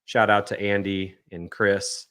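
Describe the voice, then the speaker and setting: A man co-hosting a podcast, recapping a convention in an easygoing way, often trailing off softly at the end of a thought. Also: fairly low pitch, level tone, unhurried, smooth. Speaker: podcast co-host. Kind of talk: casual chat recap.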